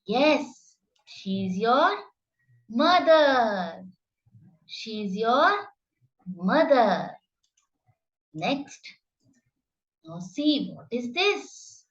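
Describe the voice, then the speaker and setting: A woman's voice: a little high, sing-song, drawn-out words, long pauses, muffled recording. A woman teaching phonics to children, sounding out each letter carefully and praising the listener. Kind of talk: slow, exaggerated phonics teaching.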